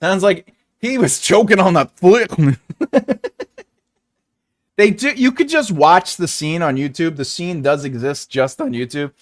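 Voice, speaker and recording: A man's voice: sits high, a little slow. A man hosting a writing livestream, chatting casually, laughing often and acting out silly voices when retelling scenes. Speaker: writing channel host.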